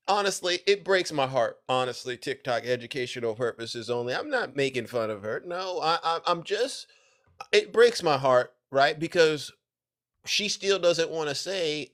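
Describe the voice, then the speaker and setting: A man streaming live reaction commentary, mocking and animated with frequent exclamations. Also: on the high side, moderate pace.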